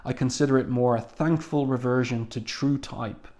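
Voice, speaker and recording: A man's voice: medium pitch, steady tone, normal speed, darkish tone, natural voice. Defiant heroine telepath, steely and brave, read by a man. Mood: cool defiant.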